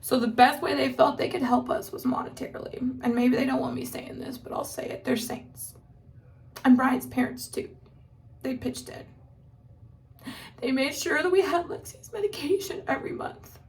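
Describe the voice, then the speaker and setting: Earnest higher-voiced mom, a bit off-mic. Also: female voice, moderate pace. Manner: earnest, candid storytelling with many "like" fillers. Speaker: mother sharing her family's story. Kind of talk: casual personal vlog. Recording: voice somewhat distant from the mic.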